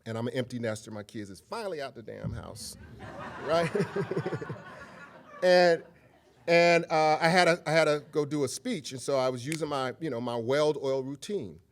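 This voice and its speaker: A man's voice: on the high side, moderate pace, slight background noise. A middle-aged man giving a public lecture, telling personal stories in a candid, conversational way. He often checks in with the audience and slips into a humorous, preacher-like rhythm. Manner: humorous, preacher-like cadence at times. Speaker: guest lecturer.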